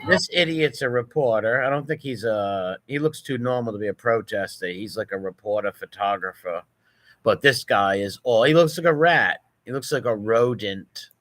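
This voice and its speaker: A man's voice: lowish voice, moderate pace, fairly bright tone. A man giving profane, mocking reaction commentary over video clips. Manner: mocking, profane, running insults.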